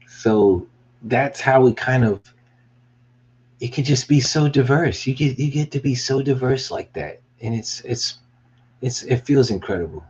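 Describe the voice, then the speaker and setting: A man's voice: mid-range voice, husky, dull audio. A man rambling casually on a behind-the-scenes vlog about his business merch, hyped and swearing now and then. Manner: rambling, hyped, swearing, bursts into excited yelling. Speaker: small business owner showing merch.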